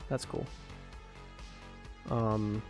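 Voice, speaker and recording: A man's voice: lowish voice, fairly even intonation, very slow, vocal fry, a little mellow, faint music behind. A man chatting casually on a livestream about building his game, rambling with lots of ums and restarts while eating. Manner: rambling, many fillers and restarts. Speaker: game developer streamer.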